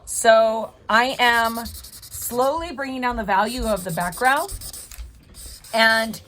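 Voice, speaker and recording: A woman's voice: on the high side, slow, fairly bright tone, slight background noise. A woman art teacher narrating a drawing tutorial, chatty and encouraging, thinking aloud as she draws at her desk.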